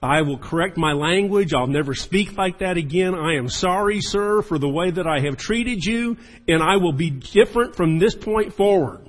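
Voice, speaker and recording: A man voicing a male parrot who has turned suddenly polite and formal, in a husky voice and a slightly high register. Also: expressive, moderate pace, low-quality recording. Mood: contrite. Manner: stiff, formal apology.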